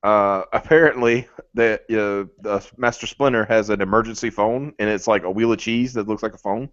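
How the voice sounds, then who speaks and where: A man's voice: lowish voice, fairly even intonation, normal speed, no echo. A man chatting casually as a co-host, rambling through stories and laughing at them. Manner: rambling storyteller, laughing at his own stories. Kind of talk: casual chat. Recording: dry, dull lo-fi mic.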